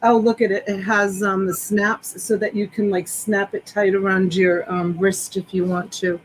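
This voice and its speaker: A woman's voice: medium pitch, level tone, normal speed, a little hiss or hum, poor audio. A woman hosting a live selling stream, chatting enthusiastically as she describes each clothing item. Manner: enthusiastic, rambling product descriptions. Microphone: desktop USB microphone.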